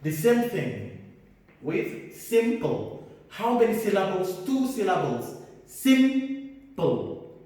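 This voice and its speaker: A high-pitched man teaches grammar at an unhurried pace. He repeats each word and answers his own questions. His voice rings through a big echoey room, picked up from far off. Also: very animated, a little mellow. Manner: slow, repetitive, asks and answers own questions. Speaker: English teacher. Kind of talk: classroom grammar lesson. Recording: echoey hall, mic far off.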